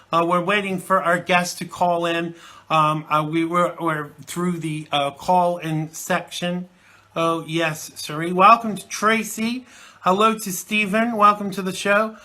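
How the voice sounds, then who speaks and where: A man's voice: high voice, flat delivery, measured pace, sharp tone. A man hosting a live internet talk show from the UK, chatting and rambling with many fillers, recovering from a chesty cold. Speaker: host.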